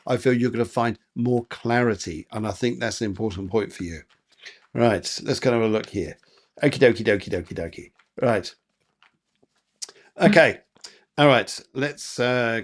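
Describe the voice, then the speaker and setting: A man working as a psychic medium, giving rambling, chatty live card readings with lots of fillers and repeated phrases. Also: mid-range voice.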